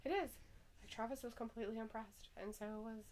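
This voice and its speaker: A woman's voice: on the high side, fairly even intonation, a little fast, a little mellow, slight background noise, poor audio. A woman co-hosting a live stream in casual chat, giggling often and reading viewers' messages aloud. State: slight headache.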